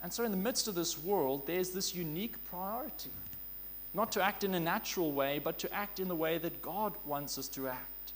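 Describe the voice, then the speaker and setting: High-voiced earnest male preacher. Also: slight background noise. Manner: earnest, emphatic, slows down on key phrases. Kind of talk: sermon.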